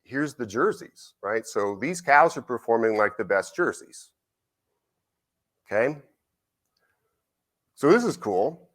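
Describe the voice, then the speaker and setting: This middle-aged man, a university researcher, talks slowly in a medium-pitched voice and pauses often. At a conference symposium he delivers a lively, chatty lecture full of stories, often tossing out "right?" to the audience.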